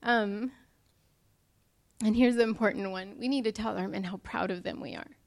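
A woman's voice: medium pitch, moderate pace, gravelly. A young woman preaching a sermon to her church, earnest and emotional as she speaks to the congregation.

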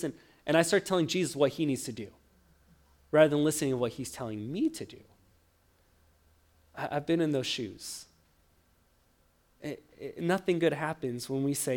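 A man preaching a sermon, telling the story with lively acted-out quotes and frequent stammered restarts. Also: mid-range voice, moderate pace. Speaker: pastor.

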